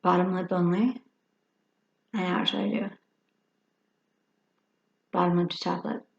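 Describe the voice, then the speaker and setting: Chatty gravelly woman over fifty. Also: fairly low pitch, fairly even intonation, unhurried. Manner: chatty, rambling, self-talking while applying makeup. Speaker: makeup vlogger. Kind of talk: casual makeup tutorial. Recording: echoey room, dull lo-fi sound.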